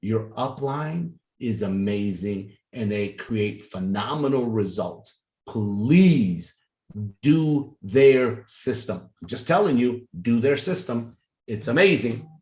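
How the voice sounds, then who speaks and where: A man giving a sales training talk, acting out the dialogues of a sales pitch in an animated way. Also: slow, reverberant.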